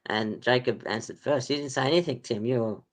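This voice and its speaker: A man's voice: mid-range voice, normal speed. A man hosting a casual sports podcast quiz, rambling with lots of ums and laughs. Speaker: podcast host running a quiz. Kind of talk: casual chat.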